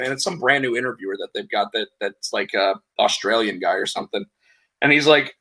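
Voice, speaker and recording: Bright forceful guy rambling thru a story on a podcast, keeps restarting words. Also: medium pitch, brisk, breathy edge. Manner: rambling, animated retelling with repeated words. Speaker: podcast co-host. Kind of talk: casual chat, recapping wrestling.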